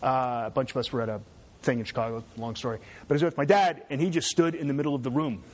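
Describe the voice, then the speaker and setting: A fast-talking man with a mid-range voice gives a casual, chatty classroom lecture. He keeps checking in with his students by asking "right?"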